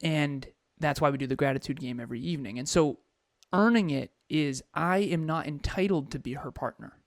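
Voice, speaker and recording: A man co-hosting a podcast as a coach, speaking in a measured, deliberate way about personal growth. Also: fairly high pitch. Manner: playful, laughing easily, then measured and deliberate when explaining. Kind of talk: casual podcast chat.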